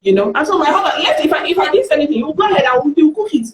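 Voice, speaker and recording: A woman with a Nigerian accent speaks fast in a high voice, appearing as a guest on a live stream. She tells candid stories in a lively way, acting out the dialogue within them. The recording has a roomy echo and slight background noise.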